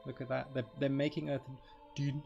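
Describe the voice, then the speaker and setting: A man's voice: mid-range voice, flat delivery, normal speed, creaky, darkish tone, dull audio, faint music behind. A man doing live game stream commentary, chatty and rambling, joking with his chat.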